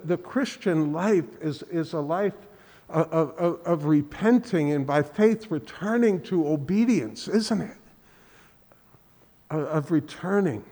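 A man preaching a sermon in earnest, halting speech, often restarting and repeating words. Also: a little high, dark tone, big-room sound. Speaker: pastor. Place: church sanctuary.

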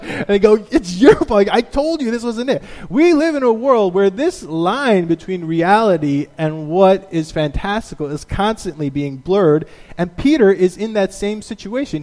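A man preaching a sermon as a pastor, telling stories in an animated way and acting out the quotes. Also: high voice, big-room sound.

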